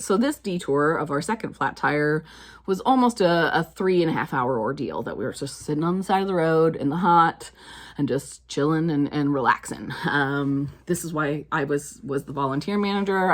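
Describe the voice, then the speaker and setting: A woman with a low-pitched voice gives a recorded lecture. She tells a long story and acts out the people in it as she quotes them.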